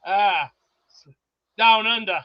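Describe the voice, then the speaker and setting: A man trash-talking in brash banter, blustering and insulting, with sudden bursts into shouting. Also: high-pitched, extremely slow, no room sound, highs cut off. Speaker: show regular.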